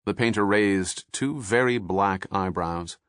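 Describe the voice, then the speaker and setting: A man narrating a thriller audiobook in a measured, steady scripted style. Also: low voice, clean tone, no room sound, studio quality.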